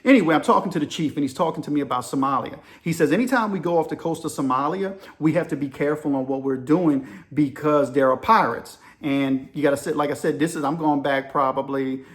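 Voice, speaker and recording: A man giving casual video commentary and telling stories, animated and addressing listeners directly. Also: a little high, quick pace, few pauses. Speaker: commentator on current events.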